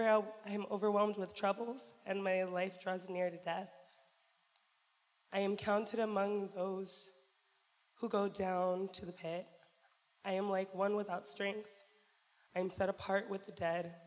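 A woman reading a psalm aloud with an earnest, pleading delivery. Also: mid-range voice. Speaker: volunteer reader. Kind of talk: dramatic scripture reading. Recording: reverberant hall.

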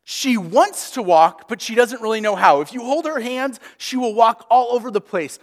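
A young man preaching a sermon as a pastor, conversational and animated as he tells stories. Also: very high-pitched, moderate pace, long reverb tail.

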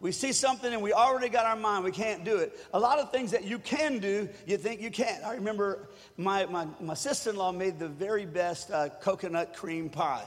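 A high-pitched man preaching a sermon in a church, his voice carrying a long hall reverb. He talks easily with the congregation and builds to loud calls for them to join in. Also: fairly quick. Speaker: pastor.

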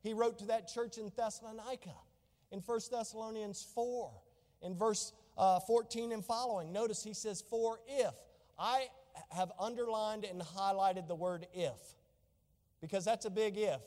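A man's voice: sits high, normal speed, darkish tone, long reverb tail. A male pastor preaching a sermon to a congregation, reading scripture aloud and putting questions to the people in the pews. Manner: preaching, reads scripture in old wording, asks the congregation questions. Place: church.

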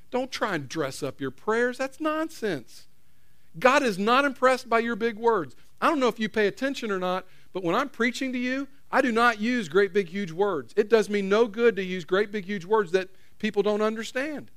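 A man's voice: sits high, expressive, normal speed, a bit bright. A middle-aged man preaching a casual, conversational sermon in a church, repeating phrases and putting questions to the congregation. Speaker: pastor.

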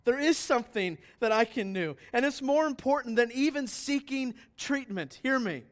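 A man preaching a sermon as pastor, asking rhetorical questions and swinging between loud declarations and quiet asides. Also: very high-pitched, animated, moderate pace.

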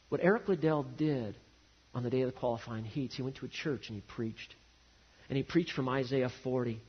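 A man preaching a sermon, swinging from loud emphasis to hushed, quiet lines. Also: mid-range voice, fairly quick, breathy edge, lo-fi sound. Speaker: pastor.

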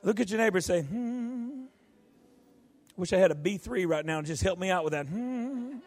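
A male pastor preaching a folksy sermon, rising to shouts. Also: high-pitched, very fast.

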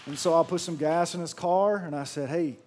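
A man preaching a sermon, swinging from loud emphatic lines to hushed storytelling. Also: a little high, brisk, some chatter behind, slight background noise. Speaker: pastor.

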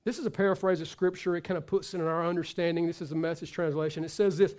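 A man's voice: fairly high pitch, steady tone, fast talker, hardly any pauses, darkish tone. A pastor preaching to his congregation, emphatic, repeating himself and restarting phrases as he builds a point. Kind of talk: sermon.

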